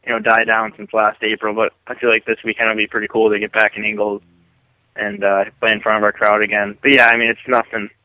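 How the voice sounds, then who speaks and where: A young man in his twenties, a college hockey player, chatting haltingly in an interview. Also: fairly low pitch, monotone, no echo, phone-quality sound. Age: 20s. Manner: halting, full of "you know" fillers. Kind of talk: casual interview chat.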